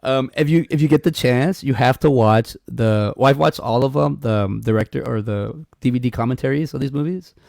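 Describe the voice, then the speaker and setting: Podcast co-host, male, brisk gravelly delivery, lively anecdotal storyteller, dry close sound. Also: medium pitch, dry recording. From Mexico. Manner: animated storyteller, acts out voices, laughs a lot. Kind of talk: casual chat, storytelling.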